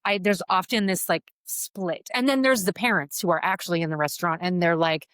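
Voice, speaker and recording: A woman's voice: fairly low pitch, fairly quick, a bit bright, dry recording, clean studio sound. A woman hosting a podcast who works as a counselor, speaking reflectively and often tagging her thoughts with "like" and "right?". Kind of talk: reflective conversation.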